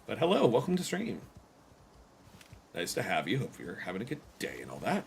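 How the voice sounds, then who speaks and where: A man's voice: on the low side, wildly swooping pitch, brisk, creaky, a little mellow, slight background noise. A man streaming a survival game, chatting casually to his viewers with rambling, self-deprecating jokes. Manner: rambling, self-deprecating, joking asides to chat. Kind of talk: casual gameplay commentary.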